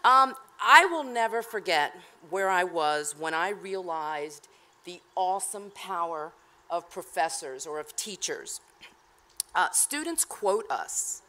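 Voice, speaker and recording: A woman's voice: lowish voice, animated, takes it slowly, bright, forceful tone. A middle-aged woman professor and attorney giving a chatty, self-deprecating keynote speech at a ceremony, with fillers.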